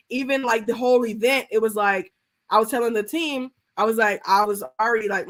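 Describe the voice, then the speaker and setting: Woman pastor, livestream over a video call, casual and slangy, preaches and prays with lively rises and drops. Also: on the high side, a little fast. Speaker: art therapy pastor hosting a livestream. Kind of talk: casual livestream chat and prayer.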